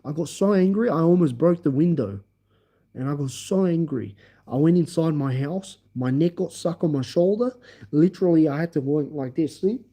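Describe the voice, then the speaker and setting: A man hosting a livestream, telling a story in an animated, emphatic way and acting out the scenes. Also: on the high side, normal speed. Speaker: livestream host. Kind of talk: casual storytelling.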